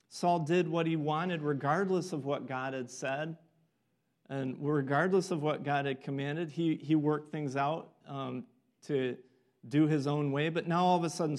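A man's voice: fairly high pitch, a little mellow. A man preaching a sermon earnestly, acting out the voices of people in a story. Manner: earnest, acts out quoted voices.

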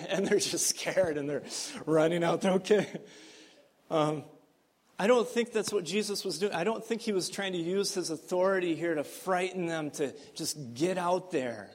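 A man's voice: high-pitched, normal speed. A man preaching a sermon as pastor, earnest and emphatic, with frequent fillers.

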